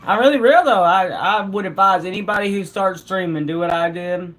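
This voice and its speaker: A live streamer chats with viewers in an easygoing, laid-back manner, tossing out slang and quick laughs. Pitched in the middle range, the voice stays relaxed and talkative.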